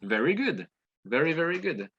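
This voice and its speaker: A French man with a French accent teaching an online class, encouraging his students and repeating phrases slowly. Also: fairly high pitch, big pitch swings, fairly bright tone, slightly rough. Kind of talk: online demo language class. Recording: dull lo-fi audio with faint noise.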